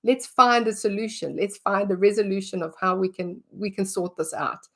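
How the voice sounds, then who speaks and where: A woman's voice: mid-range voice, steady tone, moderate pace. A middle-aged woman, teaching about dog behaviour in a casual way and acting out what she would say. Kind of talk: conversational teaching talk.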